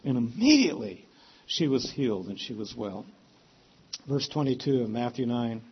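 In a lo-fi recording, a man with a slightly rough voice preaches at normal speed. He tells the story vividly, acting out each character's lines with abrupt rises in pitch and flashes of emotion.

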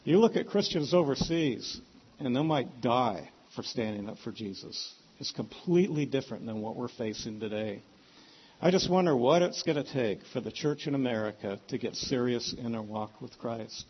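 A man's voice: moderate pace, breathy edge, muffled recording. A man preaching a sermon, telling the story and acting out the characters' lines with sudden bursts of emotion. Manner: animated storytelling, voices the characters with sudden rises in pitch.

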